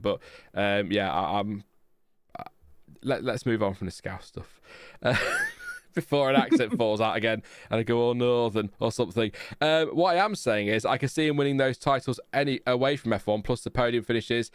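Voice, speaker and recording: A man's voice: on the low side, brisk, clear, resonant tone, dry recording, clean studio sound. A man hosting a live stream, reading out chat messages in a rambling, self-mocking way with many fillers. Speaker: podcast host reading chat.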